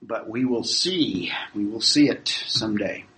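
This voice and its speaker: A man teaching a Bible class in a measured, explanatory way, reading scripture aloud and taking questions. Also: on the low side, lively intonation, fairly bright tone, poor audio. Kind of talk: classroom lecture.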